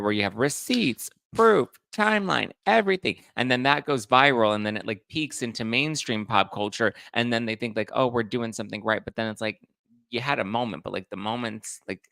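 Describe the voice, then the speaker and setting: A man's voice: medium pitch, expressive, fairly quick, vocal fry, bright, forceful tone, dry recording, studio quality. A man hosting a live pop culture chat, reading viewer comments and acting out quotes in a chatty, camp way. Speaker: host.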